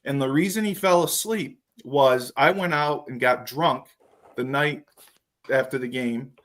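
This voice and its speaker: A man hosting a podcast, telling profane, animated stories and acting out what others said in casual chat. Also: medium pitch, measured pace. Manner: profane, animated storytelling with acted quotes. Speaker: podcast host.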